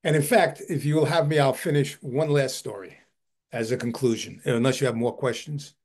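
A man who heads a historical society gives a video-call book talk. He tells an animated anecdote and often repeats his words. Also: medium pitch, moderate pace. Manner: animated, repeats words while telling a story.

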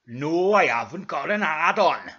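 A man voicing a grumpy bald male snail with a gruff, swearing manner and a mock Welsh lilt, on a dull lo-fi recording. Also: on the high side, expressive, a little slow, pushed and bright, full character voice.

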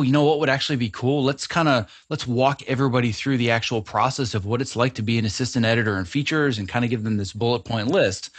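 A man's voice: medium pitch, no echo. A man hosting a podcast interview, reacting keenly and asking his guest questions. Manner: quick, enthusiastic interviewer. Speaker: podcast host.

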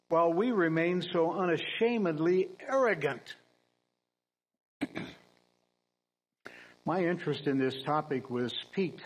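A man preaching a sermon in a church, earnest and emphatic, with dry humorous asides and frequent throat-clearing. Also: mid-range voice, rough recording.

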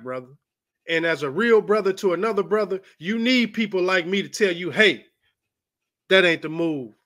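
A man with a high, sharp-edged voice delivers his opinion on boxing straight to the camera. He swears freely and keeps a heated, blunt edge throughout. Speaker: boxing commentator. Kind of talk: ranting commentary vlog.

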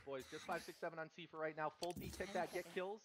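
Fast-talking man barking team orders. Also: on the high side, fairly even intonation, crowd noise. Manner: commanding, repetitive orders, swearing. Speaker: team shotcaller. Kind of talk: gaming voice chat callouts.

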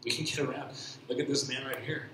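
A man giving a personal faith testimony at church, speaking haltingly with many restarts and repeated fillers. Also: mid-range voice, steady tone, background noise. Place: church hall. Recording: very echoey church hall.

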